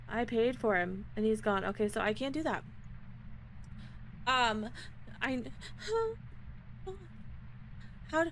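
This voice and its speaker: Flustered woman streamer, slow and panicky. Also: a little high, a bit bright, slight background noise, low-quality recording. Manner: flustered, panicky, talks to chat. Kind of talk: casual live-stream chat. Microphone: desk microphone.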